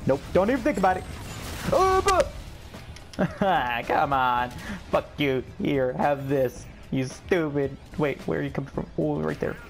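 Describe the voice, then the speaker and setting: A young man giving excitable commentary over his own gameplay, yelping, groaning and swearing at the game. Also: on the high side, moderate pace, vocal fry, faint music behind. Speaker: gaming channel host.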